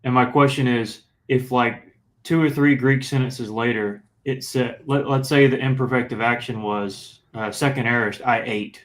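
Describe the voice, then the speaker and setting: A man in a class asking his teacher a question, thinking aloud with pauses and restarts. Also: medium pitch, fairly even intonation. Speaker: student.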